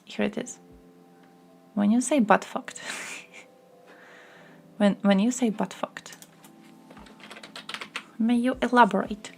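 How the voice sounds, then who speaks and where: A young woman streams live, chatting casually and reacting to news and chat messages. Her voice is gravelly, with a mid-range pitch. She is crude and loose, laughing often as she goes. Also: fairly even intonation, takes it slowly, pauses often, slight background noise. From the Balkans. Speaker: livestreamer.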